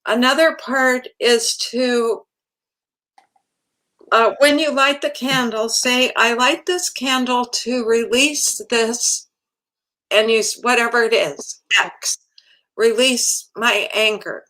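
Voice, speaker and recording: A woman guest, a hospice chaplain, explaining things in a calm, measured, instructive way. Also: a little high, rough recording. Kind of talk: talk show interview.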